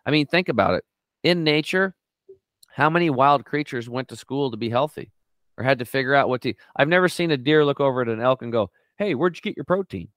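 A middle-aged man talks with restless energy, swinging up high whenever he acts out what someone said. His voice is smooth and resonant, captured dry and close with no room sound. He sounds like an eager guest telling his story in an interview. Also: a little fast, dry recording. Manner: animated storyteller, acts out quotes with big pitch jumps. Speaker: guest on a health talk show.

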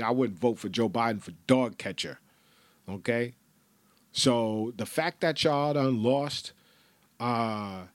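A man's voice: mid-range voice, dry recording. A man hosting a solo podcast, ranting bluntly and profanely with lots of repetition. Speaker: podcast host.

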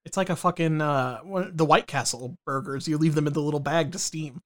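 A man with a slightly high voice co-hosts a casual podcast. He talks loosely and swears casually. He also reads news items aloud between jokes. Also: a little fast. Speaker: podcast co-host.

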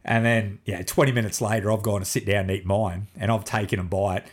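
Swearing dad telling stories. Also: male voice, lowish voice, brisk, slightly rough. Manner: animated storyteller, swears freely, acts out family dialogue. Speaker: podcast guest. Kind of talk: casual chat.

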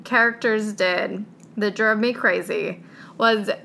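A woman's voice: mid-range voice, fairly even intonation, slow, gravelly, sharp tone, slight background noise. A woman co-hosting a podcast, chatting casually and sarcastically about a book she is reviewing. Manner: sarcastic, reads passages in mocking voices. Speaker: podcast co-host.

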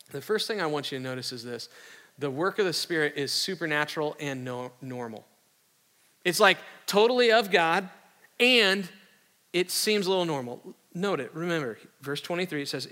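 Bright-voiced man preaching in a hall. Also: fairly high pitch, animated, normal speed. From Iowa, USA. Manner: conversational and joking, with casual slang. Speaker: pastor. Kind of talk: sermon. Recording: reverberant hall.

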